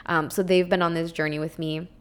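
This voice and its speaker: A woman's voice: lowish voice, flat delivery, fairly quick, a bit bright, clear, resonant tone. A woman hosting a podcast, talking on her own in an earnest, heartfelt way, chatty and full of spiritual self-help phrasing. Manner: chatty, with frequent "like" and "um". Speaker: podcast host. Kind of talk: casual podcast monologue.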